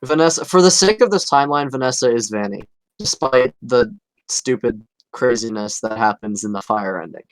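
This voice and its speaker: Male podcast co-host, easygoing chat, frequent laughs, average pitch. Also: animated, normal speed, clean tone, dry recording, rough recording. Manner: laughs often, trails off and restarts. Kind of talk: casual chat.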